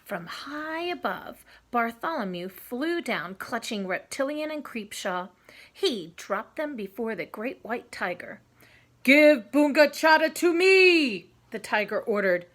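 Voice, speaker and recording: A woman reading a children's story aloud, expressive, sometimes adding hushed asides to the listeners. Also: a little high, measured pace.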